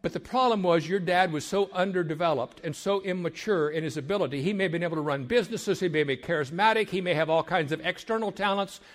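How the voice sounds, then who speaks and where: An older man, a marriage counselor, gives an emphatic sermon-like talk to young people, building repeated phrases and sometimes dropping to a hush. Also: high-pitched, quick pace, hardly any pauses. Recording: long hall reverb.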